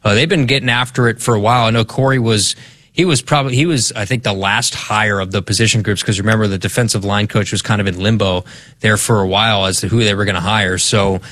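A man's voice: lowish voice, steady tone, fairly bright tone, no echo, studio quality. A man hosting a sports talk show, giving casual, loose football analysis. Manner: quick, loose and conversational.

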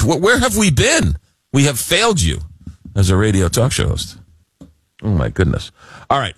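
Male radio talk host, mid pitch, animated and joking, dry studio sound. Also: no echo. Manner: animated, jokey, repeats words when excited. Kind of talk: late-night radio talk. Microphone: studio microphone.

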